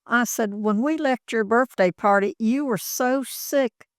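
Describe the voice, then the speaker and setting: A woman's voice: fairly high pitch, unhurried, dry recording, clean studio sound. Older woman telling folksy stories. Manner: folksy, rambling anecdotes with acted quotes. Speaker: interviewee, former executive assistant. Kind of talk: casual storytelling. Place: office.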